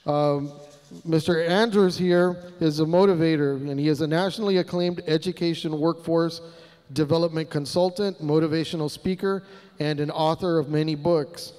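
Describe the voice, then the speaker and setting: High-voiced man emceeing in a reverberant hall. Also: normal speed, clear, resonant tone. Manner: energetic, leads call-and-response chants. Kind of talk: rallying a school assembly. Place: large hall.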